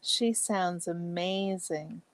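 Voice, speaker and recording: A woman hosting a casual livestream chat, reading viewer comments aloud and answering each by name, chatty and exclamatory with soft asides. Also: lowish voice, drawn-out words. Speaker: livestream host.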